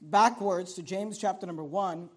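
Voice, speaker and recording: A man delivers a sermon in a strikingly high-pitched voice. He preaches emphatically, climbing toward near shouts and then sinking low, often doubling back on words and phrases. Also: slow pace, slightly rough.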